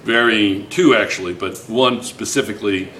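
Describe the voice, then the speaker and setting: A man's voice: fairly low pitch, moderate pace, a bit bright, distant mic, a little hiss or hum. A male chemistry teacher lecturing a class, repeating questions and calling on students by name. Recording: echoey classroom.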